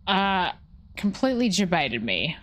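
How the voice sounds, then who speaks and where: A woman's voice: fairly low pitch, big pitch swings, a little slow, a bit bright. Woman streaming a ghost game. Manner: reactive, thinks aloud, questions the ghost. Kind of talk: live gameplay commentary.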